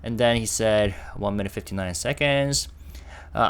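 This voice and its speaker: A man's voice: lowish voice, normal speed, a bit bright, smooth. A young man hosting a casual reaction video, chatting and stopping often to react and translate. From Korea.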